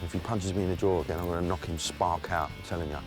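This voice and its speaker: A man's voice: low voice, steady tone, rapid-fire, over loud music. A man in his thirties with a Cockney accent, presenting on location, joking and swearing freely. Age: 30s. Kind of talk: on-location banter.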